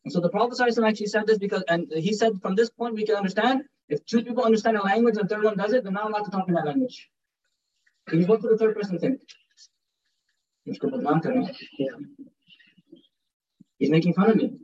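A man's voice: high voice, very fast, a little mellow. A young man giving an informal religious lecture, conversational and joking, dropping in Urdu and Arabic phrases. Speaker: Islamic teacher giving a talk. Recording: dull distant recording.

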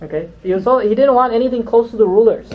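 A man giving a storytelling sermon as a religious lecturer. He is animated, acts out the quotes, and keeps asking "you know?" and "right?". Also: very high-pitched, quick pace. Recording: dull lo-fi recording.

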